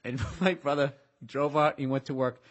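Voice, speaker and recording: A man, hosting a podcast and telling a story in a profane, animated way. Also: medium pitch, normal speed, dull audio. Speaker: podcast host. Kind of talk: casual storytelling chat.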